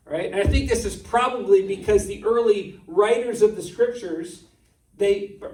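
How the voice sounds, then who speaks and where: A male pastor giving a sermon in a relaxed, conversational way, often putting rhetorical questions to his congregation. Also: high voice. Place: church sanctuary. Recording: echoey church room, distant mic.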